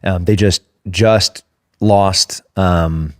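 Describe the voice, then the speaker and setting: A man's voice: deep voice, steady tone, drawn-out words, dry recording, clean studio sound. A man co-hosting a podcast, chatting loosely and rambling, often acting out what locals say. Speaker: podcast co-host. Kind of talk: casual chat.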